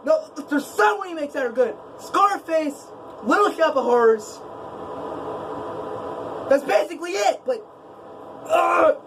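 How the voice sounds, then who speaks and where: A man's voice: very high voice, lively intonation, takes it slowly, long pauses, background noise. A young man talking off the cuff in a vlog, rambling with stammered restarts and sarcastic asides. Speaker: vlogger. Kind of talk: unscripted ranting vlog.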